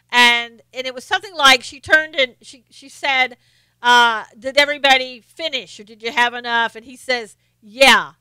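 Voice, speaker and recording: A woman from the Southern United States speaks in a high, sharp, clean voice on a dry recording. She's hosting a casual live stream, chatting and laughing as she reads viewer comments aloud.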